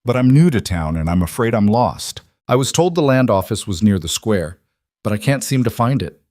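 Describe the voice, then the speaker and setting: Guy reading a polite quiet cowboy, low voice, dry. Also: sing-song, no echo. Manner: courteous, measured. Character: polite, reserved young cowboy. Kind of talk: storybook reading.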